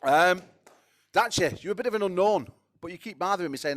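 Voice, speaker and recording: A man promoting fights at a press conference, excitable, swearing and stumbling over repeated words. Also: high-pitched, brisk.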